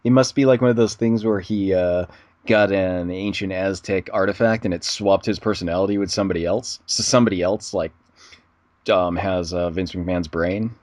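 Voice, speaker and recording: Male co-host, easygoing joker, slightly low voice, close dry recording. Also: fairly even intonation, moderate pace, a little mellow, no room sound. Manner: laid-back, laughs easily, short joking asides. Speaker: podcast co-host. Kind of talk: casual chat.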